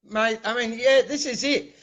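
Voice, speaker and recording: A man's voice: very high-pitched, normal speed, a bit bright. A man from New Zealand with a New Zealand accent, a guest on a video call, talking earnestly and often saying mate. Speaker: livestream guest. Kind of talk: casual call-in chat. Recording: dull lo-fi video call audio.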